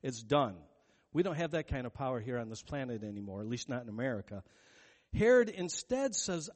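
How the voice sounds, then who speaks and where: A man's voice: medium pitch, lively intonation, normal speed. A male pastor preaching a sermon in a casual, conversational way, retelling a story and acting out the quotes of its characters. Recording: long reverb of a large hall.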